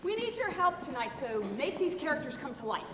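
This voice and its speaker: A woman's voice: sits high, very animated, fairly quick. A woman leading a live stage story, playfully coaxing the audience to join in. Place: large theater hall. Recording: echoey hall, distant mic, audience noise.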